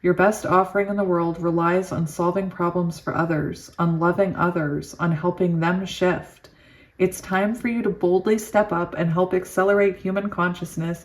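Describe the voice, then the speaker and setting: A woman tarot reader reading oracle card texts slowly and soothingly, breaking into giddy, laughing asides. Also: fairly low pitch. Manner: giddy and excitable, laughs often. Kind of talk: reading oracle cards aloud with chatty asides.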